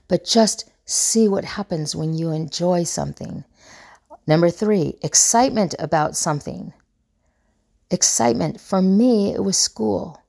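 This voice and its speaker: A woman's voice: lowish voice, vocal fry, mellow. A woman in her fifties hosting a relationship advice show, talking earnestly in a rambling way with many fillers and restarts. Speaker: relationship coach and podcast host. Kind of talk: casual advice monologue.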